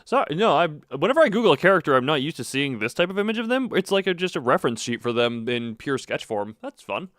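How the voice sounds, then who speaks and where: A man's voice: fairly high pitch, big pitch swings, fast, few pauses, fairly bright tone, no echo, clean studio sound. Wry, theatrical male game streamer. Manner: wry, theatrical, chatting with viewers. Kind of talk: live gameplay stream chat.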